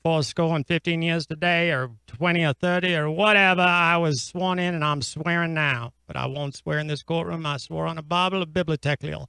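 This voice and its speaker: A man's voice: fairly high pitch, steady tone, fairly quick, gravelly, few pauses, bright, forceful tone, smooth, no echo, rough recording. A man on an improv comedy radio show playing a pompous, long-winded judge who mangles big words. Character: blustering, pompous male courtroom judge. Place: radio studio. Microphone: studio mic.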